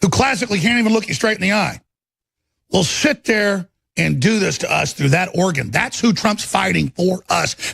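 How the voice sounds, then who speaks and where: A middle-aged man hosting a live talk broadcast, ranting angrily and repeating himself, with a gravelly voice close to a studio mic. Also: sits high, animated, moderate pace, a bit bright, dry recording. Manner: furious, ranting, repetitive. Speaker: talk radio host. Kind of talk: angry political broadcast rant.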